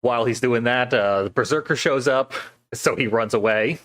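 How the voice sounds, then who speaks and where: A man in casual podcast chat, recounting a film plot step by step in an easygoing, amused way. His voice sits at an ordinary middle pitch, and he keeps the telling loose and unhurried. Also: fairly bright tone. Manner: laid-back play-by-play recapping with frequent laughs. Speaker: podcast co-host recapping a film.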